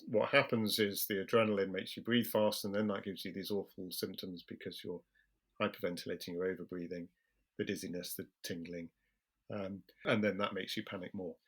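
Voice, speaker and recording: A British man talks as a doctor guest in an interview, his voice sitting fairly low. He explains calmly and in measured steps, often slowing right down to make a point. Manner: calm, measured, slows deliberately for emphasis. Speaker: general practitioner guest.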